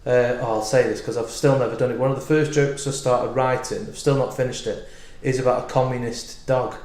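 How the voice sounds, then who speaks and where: A man's voice: mid-range voice, fairly even intonation, a little fast, a little mellow. A man who is a comedian, chatting loosely as a podcast guest, rambling and restarting his thoughts. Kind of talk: casual podcast chat. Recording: roomy echoey room.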